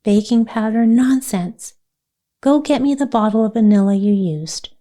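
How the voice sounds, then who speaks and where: A woman voicing a stern, practical older woman who raised an orphan, speaking in a dry, brisk, scolding way. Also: a little high, warm tone, lightly acted.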